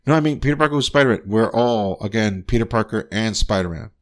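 Man, fairly low voice, casual podcast film review, swears a lot, lots of fillers. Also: quick pace. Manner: loose and profane, with frequent fillers and restarts; laughs often, enthusiastic.

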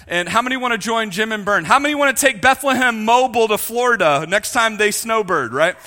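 High, bright-voiced joking male preacher. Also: brisk, in a large hall. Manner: jokey, animated, talks to the congregation. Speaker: pastor. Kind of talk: sermon.

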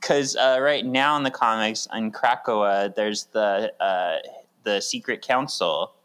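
A man's voice: lowish voice, slow pace, clear, resonant tone. A man co-hosting a casual podcast, chatting and laughing often. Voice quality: laughs often, animated delivery. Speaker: podcast co-host.

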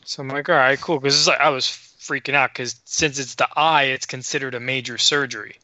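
A man tells a story on a podcast, voicing the people in it and swearing freely. His voice is bright and forceful. The recording is dull and dry. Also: medium pitch, brisk, no echo. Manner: animated, profane, acts out dialogue. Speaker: podcast co-host. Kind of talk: casual storytelling.

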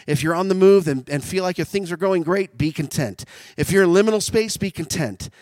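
A man preaching a sermon, animated, swinging from loud shouts down to quiet, intimate tones. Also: high voice, fairly quick, no echo.

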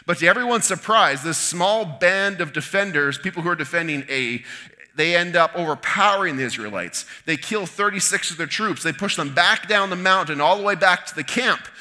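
A man preaching a sermon, retelling a Bible story in an animated way with asides to his listeners. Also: high-pitched, normal speed.

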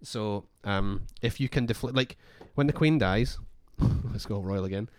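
A man's voice: fairly low pitch, normal speed, dry recording, clean studio sound. A man co-hosting a podcast in casual, rambling chat full of fillers and restarts. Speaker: podcast co-host.

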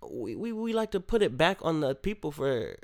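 A man's voice: on the high side, very animated, normal speed. A young adult man hosting his own podcast, talking candidly and rambling with lots of restarts and fillers. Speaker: podcast host and musician. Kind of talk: casual solo podcast monologue.

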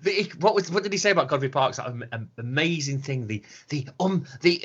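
A man's voice: fairly high pitch, lively intonation, brisk, hardly any pauses, a bit bright, breathy edge. A man co-hosting a podcast in a casual, mocking, sweary chat, often laughing. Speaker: podcast co-host. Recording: dull lo-fi sound.

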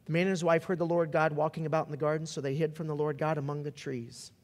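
A man preaching in a big hall, his slightly high voice ringing with long reverb. He tells stories as he goes, slowing right down for quiet points, then speeding up and rising to near-shouts. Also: little pitch movement. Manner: storytelling, varies pace, builds to shouts. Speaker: pastor. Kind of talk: sermon.

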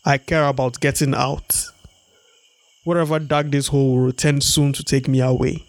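A man voicing a trapped male leopard in a storybook read-aloud, speaking gruffly and impatiently. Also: medium pitch, flat delivery, normal speed, lightly acted.

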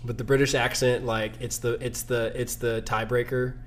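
A man's voice: medium pitch, level tone, normal speed, slight background noise. A man hosting a casual podcast, talking in a rambling, self-deprecating way with many restarts. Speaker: podcast host. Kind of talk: casual chat.

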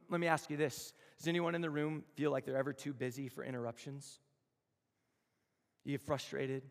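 Give me a man preaching in a reverberant hall, with a gravelly voice and a conversational, storytelling style. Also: mid-range voice. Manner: storytelling, conversational, with slow emphatic phrases. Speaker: campus chapel speaker. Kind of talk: sermon.

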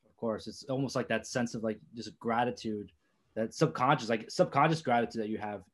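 A man's voice: medium pitch, fairly quick. A young man hosting an interview, asking long, hesitant questions full of fillers. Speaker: podcast host.

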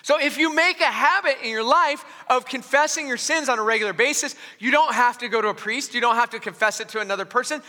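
A male pastor preaching a sermon in a high, very bright voice, chatty and self-mocking with plenty of restarts. The sound rings out with the long reverb of a large church hall. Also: quick pace, hardly any pauses. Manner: conversational, joking asides, frequent restarts.

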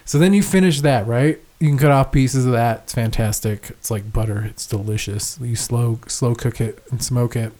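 A young man chats loosely on a podcast, rambling through a story with swearing and frequent laughter. His voice is mellow and relaxed, sitting in a middle pitch. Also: moderate pace, hardly any pauses. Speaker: podcast co-host. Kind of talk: casual chat.

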